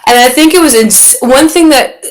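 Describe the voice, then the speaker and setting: A woman's voice: sits high, normal speed, noisy background. A young woman chatting as a podcast guest, telling a personal story in a rambling way, full of fillers and restarts. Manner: rambling, filler-heavy, acts out quotes. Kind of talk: casual storytelling chat.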